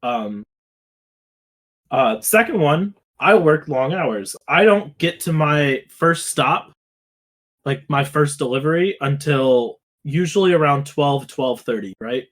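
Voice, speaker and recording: A man's voice: fairly high pitch, animated, slow pace, a bit bright. A young man co-hosting a podcast, telling rambling, profane stories that drift into rants. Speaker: podcast co-host. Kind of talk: casual chat.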